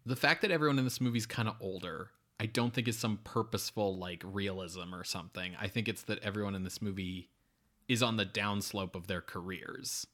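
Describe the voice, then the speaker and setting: A man's voice: on the low side, brisk, a bit bright. A man co-hosting a podcast, chatting casually about a bad movie in a rambling, sardonic way full of "like" and fillers. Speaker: podcast co-host. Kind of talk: casual movie review chat.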